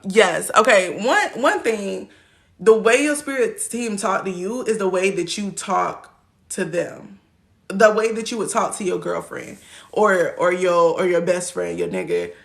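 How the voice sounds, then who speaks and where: A woman's voice: mid-range voice, measured pace, creaky. A woman in her twenties teaching on a livestream in a loose, slangy chat, laughing often and acting out quoted voices. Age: 20s.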